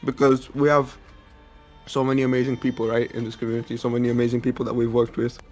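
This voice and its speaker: A man's voice: medium pitch, fast talker, soft background music. Man doing playful mock rants. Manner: playful mock-ranting, deadpan. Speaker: caster. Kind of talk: casual stream banter.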